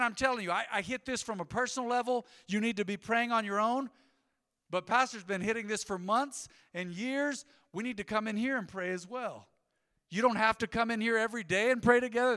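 A man preaching a sermon as pastor, energetic and conversational, with casual asides. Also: high-pitched, big-room sound. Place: church sanctuary.

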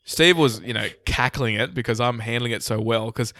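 A man's voice: mid-range voice, no echo, studio quality. A young Australian man telling a rowdy, swear-laden travel story in casual podcast chat. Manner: fast, swearing, animated anecdote telling. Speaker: podcast guest.

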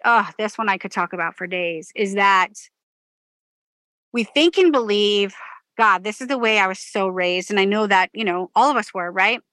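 Bright, emphatic motivational woman host. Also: medium pitch, no room sound. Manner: emphatic, swears freely, repeats key phrases. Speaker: podcast host, life coach. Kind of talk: motivational monologue.

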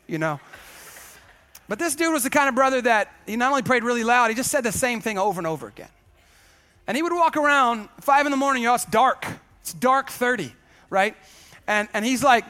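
Male pastor, high ringing voice, animated sermon with jokes and call-outs. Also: normal speed. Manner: lively preaching with humor and asides to the congregation.

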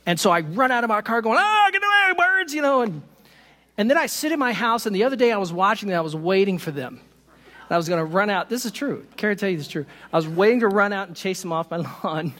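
Man, pastor, sermon, animated, self-deprecating humor, high voice, reverberant church hall. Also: quick pace. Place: church sanctuary.

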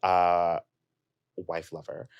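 A man's voice: sits low, little pitch movement, extremely slow, clean tone, no echo, lo-fi sound. A young adult man chatting casually as a podcast guest, rambling and filling his sentences with "like". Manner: rambling, heavy use of "like". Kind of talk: casual chat.

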